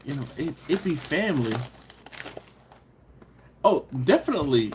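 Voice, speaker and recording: A livestream host with a slightly high voice and big pitch swings chats casually, reading viewer comments aloud and answering them playfully. He laughs often and stretches words out for teasing emphasis, with background noise audible.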